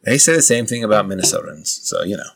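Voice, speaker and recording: A man's voice: fairly low pitch, fast talker, creaky, slightly rough, no room sound. A man from Wisconsin co-hosting a podcast, telling jokey stories in casual chat. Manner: joking, animated storytelling. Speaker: podcast co-host.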